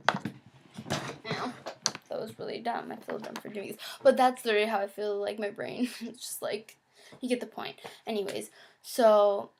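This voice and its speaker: A woman's voice: on the high side, a little hiss or hum. A woman vlogging in a casual confessional way, chatty and full of filler words, acting out her own past thoughts. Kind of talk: casual confessional talk to camera.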